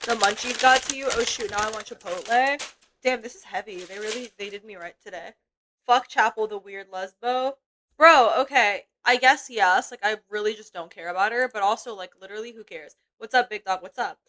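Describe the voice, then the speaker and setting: A woman's voice: mid-range voice, fairly quick, sharp tone, a little hiss or hum, rough recording. A young woman streaming, chatting casually while eating, rambling and swearing freely with lots of fillers. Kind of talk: casual livestream chat. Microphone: desk mic while eating.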